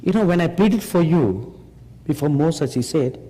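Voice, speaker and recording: A man preaching a sermon slowly and emphatically, pressing the audience with rhetorical questions. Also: on the high side, expressive, warm tone. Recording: long hall reverb.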